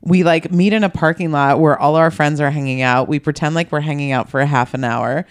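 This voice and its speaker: A woman's voice: low-pitched, steady tone, fairly quick, clear, resonant tone. Blunt, wry woman guest. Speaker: podcast guest. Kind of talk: casual comedic chat.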